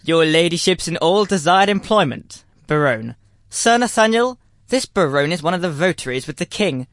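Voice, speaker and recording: A man's voice: on the high side, lively intonation, normal speed, fairly bright tone, no room sound, studio quality. A man playing a pompous pedant schoolmaster. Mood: grandiloquent. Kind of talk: stage acting in verse.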